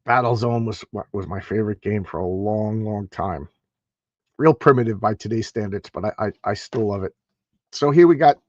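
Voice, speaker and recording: A man's voice: fairly low pitch, darkish tone, dry recording, highs cut off. A man hosting a casual live stream, rambling and stammering as he repeats words. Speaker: host.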